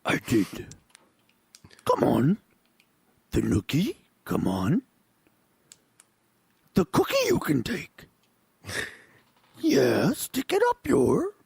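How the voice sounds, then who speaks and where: A man doing a wise little old alien master who speaks slowly and solemnly, his words stretched out and set apart from the mic. The voice has a gravelly edge and a dry sound. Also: mid-range voice, huge pitch swings, darkish tone, no echo, heavily acted. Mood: goofy. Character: tiny ancient alien sage, solemn.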